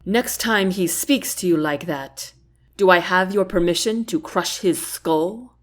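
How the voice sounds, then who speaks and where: A woman voicing a quiet, gruff male bodyguard in a storybook reading, terse and measured. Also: fairly low pitch, natural voice.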